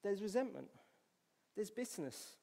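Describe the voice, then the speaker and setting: A man with a Scottish accent preaching a sermon in church, reading scripture aloud and swinging from loud to hushed. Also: high-pitched, very animated, unhurried, gravelly, in a large hall. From Scotland.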